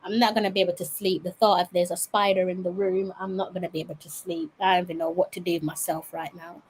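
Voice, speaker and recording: A woman's voice: lowish voice, flat delivery, fast talker, slight background noise, low-quality recording. A young woman talking casually to her viewers, exasperated and dramatic, rambling on. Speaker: vlogger. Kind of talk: casual chat to camera.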